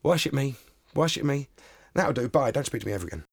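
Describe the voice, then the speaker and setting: A man's voice: medium pitch, animated, quick pace, gravelly, slightly rough, no echo, studio quality. A male comedian talking in an interview in a sardonic, emphatic way. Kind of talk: animated anecdote.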